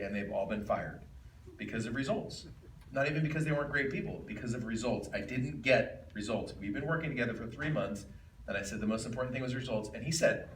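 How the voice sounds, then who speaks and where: A man's voice: medium pitch, a bit bright. A man hosting a live seminar, emphatic and punchy with jokes for the audience. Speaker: event host. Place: event hall with audience. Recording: echoey hall, distant mic, faint room noise.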